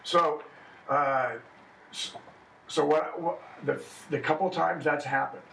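Man, comedian, somewhat high, gravelly voice, rambling chat, echoey room, distant mic. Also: steady tone, takes it slowly, a bit bright, a little hiss or hum. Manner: rambling, acts out quoted lines. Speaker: stand-up comedian. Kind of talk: casual chat among comedians.

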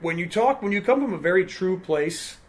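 Fast-talking high-voiced comedian man. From United States. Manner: animated storyteller, acts out voices. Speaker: stand-up comedian guest. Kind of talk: casual podcast chat.

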